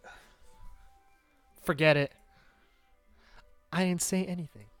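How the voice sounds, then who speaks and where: A man's voice: a little high, fairly even intonation, a bit bright, soft background music. A man voicing a feisty, prickly teenage girl in a visual novel, reading her lines in a bratty, teasing way. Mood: flustered. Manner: bratty, teasing, quick to snap back.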